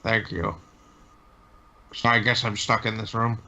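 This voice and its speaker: Slow, hesitant man on a dull lo-fi mic. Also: on the low side, flat delivery, pushed and bright. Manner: hesitant, halting. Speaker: player. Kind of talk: tabletop game play. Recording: dull lo-fi with faint noise.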